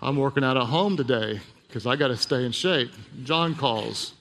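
A man preaching a sermon, telling a personal story in a hushed voice and then building to emphatic, repeated lines. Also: mid-range voice, moderate pace. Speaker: pastor. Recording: long hall reverb.

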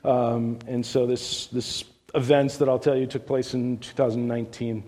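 A man's voice: medium pitch, moderate pace. Middle-aged man preaching in a reverberant hall. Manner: animated storyteller, voice rising with the story's climax; loose and chatty, with frequent restarts. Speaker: visiting speaker on church missions. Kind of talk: sermon storytelling. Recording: long reverb of a large hall.

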